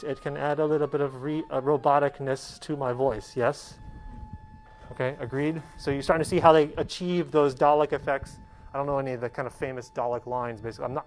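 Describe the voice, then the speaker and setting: A man's voice: medium pitch, darkish tone, a little hiss or hum, poor audio. A male professor giving a casual, hands-on classroom demonstration and checking in with his students with a frequent "okay?". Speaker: college professor.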